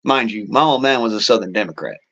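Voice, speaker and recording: A man's voice: on the low side, expressive, quick pace, creaky, fairly bright tone, muffled recording. A man hosting a casual political monologue, talking in a rambling, profane way with folksy turns of phrase. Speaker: show host.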